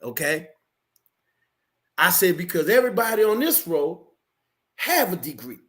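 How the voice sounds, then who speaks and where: A man co-hosting a podcast, telling a story in a lively way and acting out the people in it. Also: sits high, unhurried. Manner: lively, acts out voices in his story. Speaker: podcast co-host. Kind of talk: animated storytelling.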